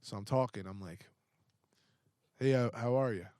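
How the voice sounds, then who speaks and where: A young man, a podcast guest, telling a story in a casual, animated way, with heavy swearing and lots of fillers. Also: medium pitch, normal speed, clear, resonant tone, dry recording.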